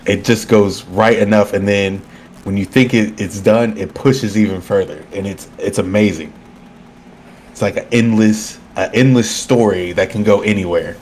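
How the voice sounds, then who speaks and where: A man's voice: normal speed, a little hiss or hum. A man as a guest on a stream, chatting casually and expressively, acting out lines as he talks. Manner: expressive, swings pitch widely when quoting. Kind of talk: casual chat.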